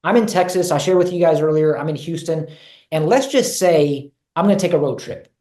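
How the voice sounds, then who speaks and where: A man's voice: a little high, brisk, mellow, roomy sound. A man presenting in a leadership webinar, talking earnestly and repeating key phrases for emphasis over a video call. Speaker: guest speaker on leadership.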